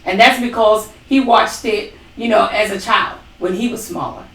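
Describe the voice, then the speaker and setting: Speaking at a moderate pace, this woman has a medium-pitched, slightly bright voice with fairly even intonation. She co-hosts a ministry talk and gives an emphatic testimony featuring dramatic quotations. The recording is distant, in a room with echo.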